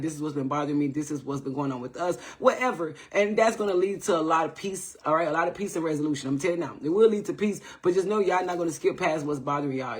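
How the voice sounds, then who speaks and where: A man giving a casual live tarot reading, chatty and repetitive, often checking in with viewers. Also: fairly high pitch. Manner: loose, repetitive, greets viewers by name, says "all right?" often. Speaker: tarot reader on a livestream.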